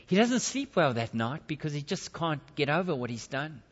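A man preaching, telling a story in a dramatic way that swings between loud and hushed, recorded with a dull lo-fi sound and long hall reverb. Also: mid-range voice, very animated, normal speed. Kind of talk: sermon storytelling.

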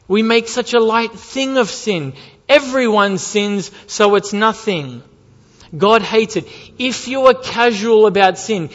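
A man's voice: sits high, fairly bright tone. A man preaching a sermon, emphatic, repeating key lines and asking rhetorical questions. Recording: dull lo-fi sound with long hall reverb.

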